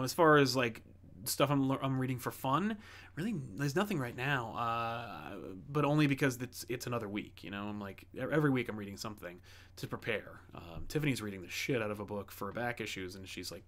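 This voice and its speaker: Man, comic stream host, rambling casual chat, mid pitch. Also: a bit bright. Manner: rambling, many fillers and restarts. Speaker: comic book channel host reading viewer messages.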